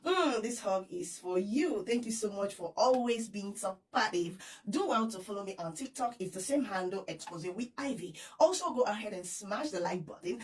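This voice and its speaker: A Nigerian woman vlogs with bubbly, giggly excitement, pressing the same appeals again and again. Her voice sits at an ordinary middle pitch for a woman. She sounds a little distant from the microphone. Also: normal speed, hardly any pauses. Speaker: vlogger. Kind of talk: excited news vlog.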